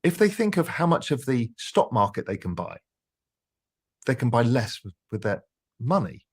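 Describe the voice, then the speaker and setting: Man, interview guest, measured explainer, animated intonation. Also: medium pitch, breathy edge.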